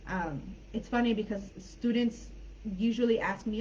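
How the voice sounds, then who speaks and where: A woman's voice: fairly high pitch, normal speed, darkish tone, lo-fi sound, slight background noise. A woman with a Californian accent, an English teacher talking through a live online class in a friendly, chatty way with plenty of fillers.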